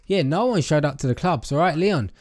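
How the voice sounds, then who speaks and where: A young gaming YouTuber gives casual let's-play commentary, chatty and playful, joking, talking straight to on-screen characters, and often addressing his viewers directly. His voice is a little high for a man, with a darkish tone and lively intonation, and he speaks a little fast.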